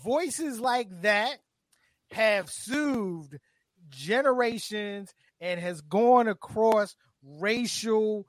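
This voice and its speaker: High-voiced man, slow and excitable. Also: no room sound, clean studio sound. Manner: excitable, interrupting with repeated exclamations. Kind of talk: casual group chat.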